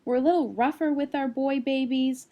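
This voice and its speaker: A woman in her thirties records a screencast lecture, explaining things at a steady pace. Her voice sits a little higher than most women's. Now and then she drops in small fillers before picking the thread back up. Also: moderate pace. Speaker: college instructor.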